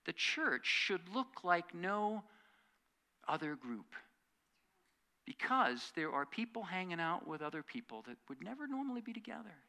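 A man delivering an earnest sermon from the pulpit. His voice sits a little high, with a bright, forceful edge. He pushes key lines out loudly, then drops to soft, quiet asides. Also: very animated, unhurried, creaky. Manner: earnest preaching that swings from loud emphasis to quiet asides. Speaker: pastor.

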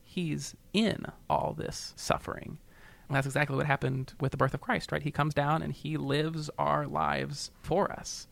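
A man's voice: a little high, flat delivery, normal speed, creaky, few pauses, a bit bright, no echo. A male pastor talking earnestly and emotionally in a podcast discussion, building up to a preaching tone at times.

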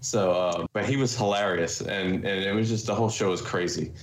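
A man's voice: sits low, steady tone, brisk, a little hiss or hum. A man reminiscing in casual panel chat, rambling with lots of fillers. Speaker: podcast host. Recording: echoey room.

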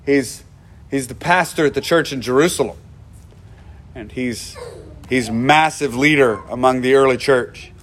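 A man's voice: mid-range voice, measured pace, long pauses, a bit bright. A man preaching a sermon as pastor, conversational, with asides and self-corrections.

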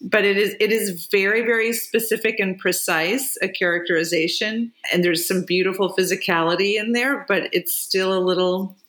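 A woman's voice: medium pitch, steady tone, moderate pace, few pauses, a bit bright. A woman co-hosting a podcast, talking expressively and gushing about shows and music, laughing readily. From Los Angeles area. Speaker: podcast co-host. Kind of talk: casual interview chat.

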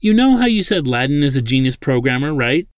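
A man voicing a bold young woman who is insistent and teasing, often in a raspy whisper. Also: medium pitch, very animated, fairly quick, no echo, clean studio sound, pitched above the performer's own voice, lightly acted. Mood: eager.

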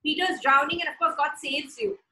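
A woman's voice: high-pitched, steady tone, brisk, bright, forceful tone, echoey room, a little hiss or hum, poor audio. A woman preaching a sermon. She reads scripture aloud, explains it, checks in with "okay?" and repeats declarations for listeners to say back. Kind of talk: sermon teaching.

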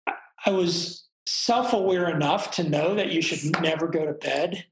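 A middle-aged man tells a personal story in a frank, reflective way, cursing offhandedly. His voice has a gravelly edge. The room adds a noticeable echo. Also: a little high, normal speed, slight background noise. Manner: reflective, frank, swears casually. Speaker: guest telling a personal story. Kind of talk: candid storytelling conversation. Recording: roomy echo.

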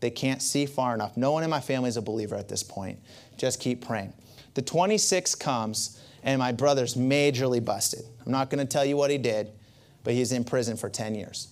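A man's voice: mid-range voice, fairly quick, a little mellow. A male pastor delivers a sermon and leans on a personal story. He talks like he is chatting, and often stops to aim asides at the congregation.

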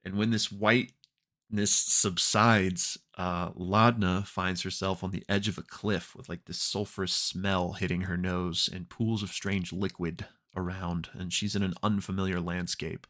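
Young male podcast co-host, very low voice, loose chatty recap with plenty of fillers. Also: unhurried. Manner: relaxed storytelling with many fillers. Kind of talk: casual recap and discussion.

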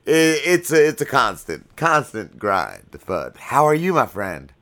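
A man's voice: mid-range voice, wildly swooping pitch, measured pace, a bit bright. A man hosting a podcast, interviewing guests in an upbeat, casual way. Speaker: podcast host.

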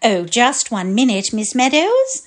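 Lady reading a prim old headmistress, proper and slow. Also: on the high side, wildly swooping pitch, voice pushed up, heavily acted. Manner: measured and proper. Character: prim, overly polite older headmistress.

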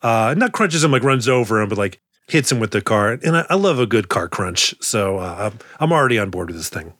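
A man's voice: on the low side, lively intonation, a little fast, fairly bright tone, no room sound, clean studio sound. A young man co-hosting a podcast in casual chat, rambling, correcting himself and laughing often. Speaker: podcast co-host.

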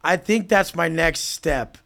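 A man's voice: a little high, takes it slowly, creaky, fairly bright tone. A man speaking as a podcast guest, in a blunt, intense and profane casual style. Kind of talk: casual talk.

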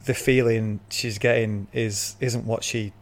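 A man's voice: lowish voice, fairly even intonation, unhurried. A man in casual discussion, earnestly laying out his view at length.

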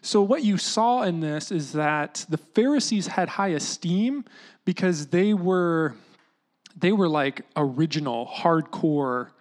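A preacher giving a relaxed, conversational sermon at a middle pitch. The delivery is animated and chatty, with plenty of "like" and "you know". The voice sometimes drops low and hushed. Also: takes it slowly. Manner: casual, animated teaching with lots of "like" and "you know"; often drops into a hushed voice to act out quotes.

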